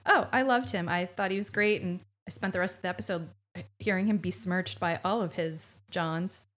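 A woman co-hosting a podcast, recapping a TV episode in incredulous, animated casual chat and acting out quoted lines. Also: fairly low pitch, moderate pace. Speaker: podcast co-host.

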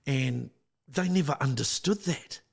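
A man's voice: mid-range voice, unhurried, creaky, breathy edge. A middle-aged man from New Zealand with a Māori English accent, telling stories in a casual podcast chat and acting out voices. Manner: storytelling, acts out voices. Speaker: guest.

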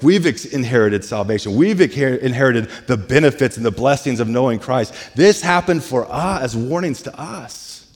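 A man's voice: medium pitch, expressive, moderate pace. Casual-talking pastor man in a reverberant hall. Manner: casual, conversational retelling with "like" and "hey". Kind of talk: sermon. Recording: long reverb of a large hall.

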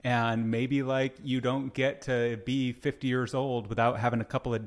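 A man's voice: mid-range voice, flat delivery, moderate pace. A man co-hosting a casual podcast conversation, thinking aloud and laying out his theories in a reflective way. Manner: reflective, theorizing, frequent short agreements. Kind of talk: casual political chat.

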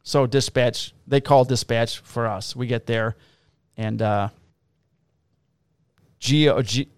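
A man's voice: medium pitch, takes it slowly, clear, resonant tone, no room sound. A man, a police officer, casually telling profane, laughing stories about his shifts. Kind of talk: casual storytelling on a podcast.

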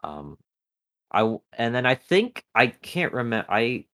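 A man's voice: mid-range voice, big pitch swings, unhurried, a bit bright. A man co-hosting a podcast, reviewing a TV episode in a rambling casual chat full of fillers and restarts. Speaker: podcast co-host.

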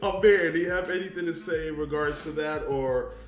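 A man's voice: fairly high pitch, brisk, roomy sound. A man hosting a casual podcast, laid-back, steering the topics and reading out news headlines. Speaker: podcast host.

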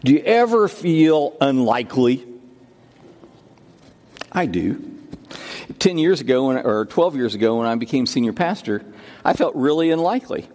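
A man's voice: medium pitch, lively intonation, normal speed, pauses often, darkish tone, big-room sound. A man who is senior pastor, preaching a sermon and telling stories, often repeating his words and restarting phrases. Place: church sanctuary.

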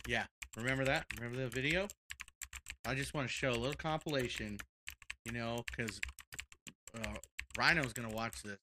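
A man co-hosting a casual video reaction chat, joking and excitable, saying "dude" often. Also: medium pitch, normal speed, pauses often, noisy background. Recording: music playing behind.

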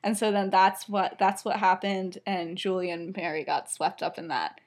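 A woman's voice: medium pitch, steady tone, normal speed. A woman co-hosting a podcast, casually retelling a story in a rambling way and filling her sentences with 'like'. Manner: rambling retelling, heavy use of filler 'like'. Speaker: podcast co-host.

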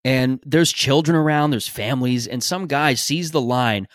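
A podcast host rambles through a casual, opinionated monologue, swearing freely. His voice is medium-pitched at a moderate pace, recorded dry with clean studio sound.

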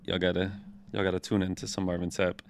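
Deep gravelly flat man. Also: crowd noise. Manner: unhurried, dry, filler-heavy. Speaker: podcast co-host. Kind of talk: casual chat.

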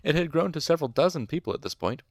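A man reading a novel aloud in first person, with wry, measured storytelling. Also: fairly high pitch, animated, no echo, clean studio sound. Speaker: audiobook reader.

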